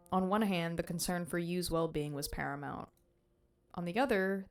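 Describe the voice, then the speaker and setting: A woman streamer reading a visual novel aloud and breaking off into animated, slangy, swearing reactions to her chat. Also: lowish voice, no room sound.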